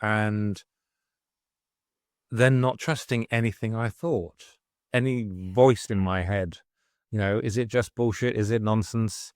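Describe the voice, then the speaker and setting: Podcast guest, middle-aged man: candid, swears, low-ish, dry close sound. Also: steady tone, takes it slowly, pauses often, a little mellow, clean tone, dry recording. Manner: frank and exasperated, swears freely. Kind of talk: candid conversational storytelling.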